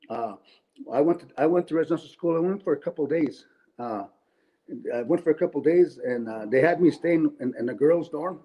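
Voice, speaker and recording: A middle-aged Canadian man speaks in a warm, mid-range voice, though the audio is poor. As a comedian performing for an online event, he tells rambling stand-up stories from home over a webcam. Along the way he throws in tag questions and chuckles at what he says.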